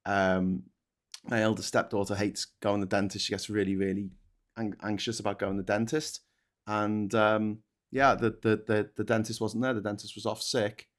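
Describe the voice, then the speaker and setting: Sweary British man, lowish voice. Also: little pitch movement, normal speed. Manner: blunt, sweary, rambling with restarts. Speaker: co-host reading viewer comments. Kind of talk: casual live-stream chat.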